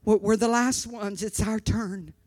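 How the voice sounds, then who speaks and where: A woman preacher voicing a gentle, reassuring father who speaks softly and stumbles over his words. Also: mid-range voice, fairly even intonation, measured pace, lightly acted. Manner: hesitant, repeating words.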